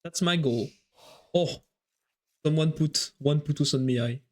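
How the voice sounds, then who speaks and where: A man's voice: on the high side, a little mellow. Male esports caster, French accent, lightly raised voice, casual live-stream chatter. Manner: chatty, thinks aloud, quick reactions to the match. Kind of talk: live game commentary while chatting with viewers.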